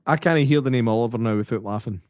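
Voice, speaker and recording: A man, co-hosting a podcast in laughing, animated casual chat. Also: mid-range voice, fast talker, no room sound, studio quality, faint music behind. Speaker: podcast co-host.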